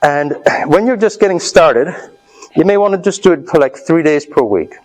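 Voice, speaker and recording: Recorded roughly, this health speaker has a slightly high, animated voice and a moderate pace. Winded, he leads his live seminar audience through an exercise, loudly encouraging them and checking in as he goes.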